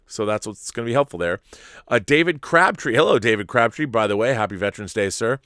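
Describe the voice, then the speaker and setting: A man's voice: medium pitch, animated, quick pace, fairly bright tone, dry recording, studio quality. A man hosting a live-streamed talk show, chatting casually to viewers in a rambling, stop-start way at a desk mic.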